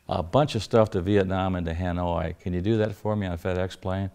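An older man with a very deep, gravelly voice recounts anecdotes in an interview. His delivery is folksy and wry, and he chuckles at his own punchlines as he goes. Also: steady tone, fairly quick, warm tone. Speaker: interview guest. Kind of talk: anecdotal storytelling.

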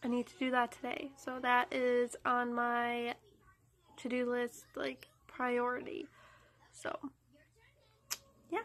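Woman, young adult, congested, chatty home vlog, high-pitched, slow-paced. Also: level tone, fairly bright tone. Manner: chatty, rambling. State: congested, stuffy-nosed. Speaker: mom vlogger. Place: at home indoors.

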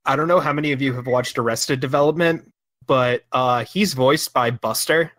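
A man chats casually and jokily as a podcast co-host. His voice has an average pitch and is recorded dry and close, with no room echo. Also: steady tone, normal speed, a bit bright.

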